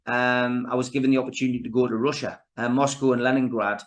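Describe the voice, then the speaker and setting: A fifty-year-old man with a Geordie accent, relaxed and chatty. He spins long anecdotes in a mid-pitched, everyday voice, as a guest on an informal podcast. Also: fast. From Newcastle, England. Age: 50s. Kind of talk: casual podcast interview.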